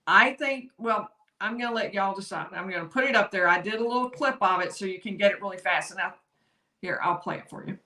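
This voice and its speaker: A woman's voice: medium pitch, quick pace, bright, forceful tone. A woman giving chatty legal commentary on a live stream, laughing easily and apologizing for tech slips. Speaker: lawyer commentator. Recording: roomy echo.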